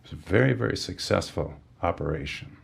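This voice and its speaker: A man, a sonar engineer guest on a podcast, giving a technical explanation and often pausing with fillers and restarts. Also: low-pitched, expressive, gravelly, breathy edge.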